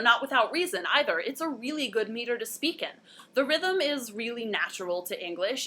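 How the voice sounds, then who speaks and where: A woman's voice: medium pitch, sharp tone, slight background noise. A young woman hosting a casual, playful lesson, chatty and given to bursts of enthusiasm. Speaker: host.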